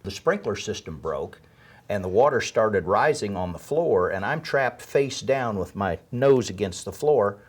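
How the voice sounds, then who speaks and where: Man, interview guest telling his survival story; low, husky voice, wry humor. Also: lively intonation, unhurried. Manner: dry humor, vivid retelling with shouted quotes.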